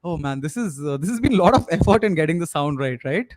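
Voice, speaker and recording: A man's voice: on the high side, animated, fast talker, a little mellow. A young Indian man with an Indian English accent hosting a live sports podcast, rambling with many fillers and slipping into Hindi. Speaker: podcast host. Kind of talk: live-streamed casual sports chat.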